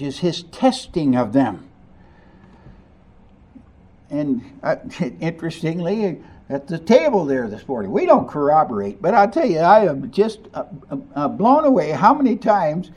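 A man preaching with a high, lively voice that rises and falls widely. He takes his time and swings from quiet, hushed lines to emphatic ones, and he keeps putting questions to the congregation. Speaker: pastor. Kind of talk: sermon.

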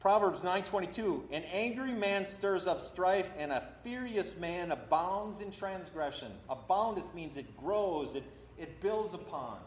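Middle-aged preacher guy, pretty high voice, giving a sermon in a big echoey church. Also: expressive, a little slow, hardly any pauses, a little hiss or hum. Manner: acts out voices in quotes, talks with a congregation. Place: church hall. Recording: echoey hall.

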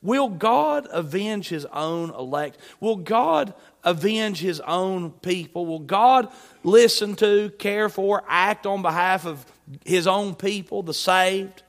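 A man preaching a sermon, asking his listeners questions and repeating refrains, moving from emphatic shouts to soft, quiet passages. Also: high-pitched, unhurried, in a large hall.

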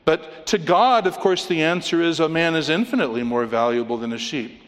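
A man's voice: a little high, fairly quick, big-room sound. A man preaching a sermon, telling a joke and reading scripture, asking his listeners rhetorical questions. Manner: storytelling, asks the congregation rhetorical questions.

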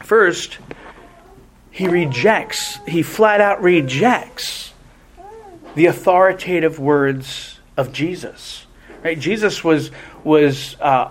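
A man preaching a sermon in a deliberate, emphatic way, often restarting his phrases. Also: high voice.

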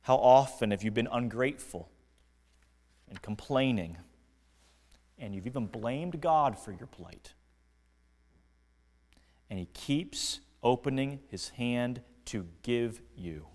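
A man preaching a sermon as pastor, earnest and deliberate, dropping to quiet lines and rising to emphatic ones. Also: mid-range voice, expressive, big-room sound. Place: church sanctuary.

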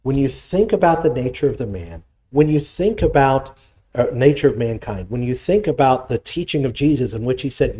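A man's voice: mid-range voice, lively intonation, moderate pace, dark tone. A middle-aged male pastor preaching a sermon, reading scripture aloud and explaining it with conversational asides.

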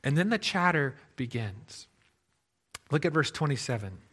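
A man preaching a sermon, expressive, moving between loud emphasis and hushed tones. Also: fairly high pitch, normal speed. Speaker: pastor.

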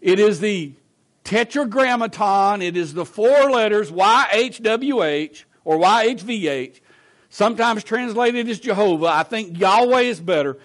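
High-voiced, slow-preaching pastor. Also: male voice, lively intonation. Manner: earnest preaching, swinging between low and raised emphasis; repeats himself in quick conversational asides. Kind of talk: sermon. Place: church sanctuary.

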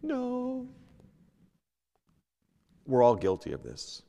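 A man teaching a Sunday school lesson, reading King James scripture aloud and moving between loud emphasis and hushed asides. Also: mid-range voice, expressive, a little slow, long reverb tail. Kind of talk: Bible teaching, sermon. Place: church.

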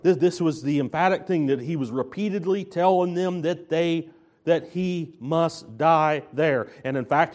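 A man's voice: on the high side, a little mellow. A man preaching a sermon as a pastor, earnest and emphatic, often restarting his phrases.

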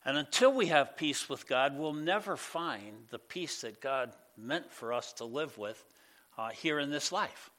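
Bright-voiced male pastor preaching casually. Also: mid-range voice, lively intonation, measured pace. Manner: conversational preaching with many fillers, rising loud then dropping soft. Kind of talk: sermon. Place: church.

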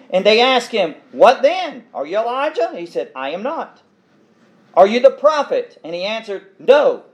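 A male preacher with a notably high voice delivers a sermon, reading Bible verses and then unpacking them. He talks emphatically and repeats key phrases for effect. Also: big pitch swings, a little slow. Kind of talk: expository sermon reading scripture.

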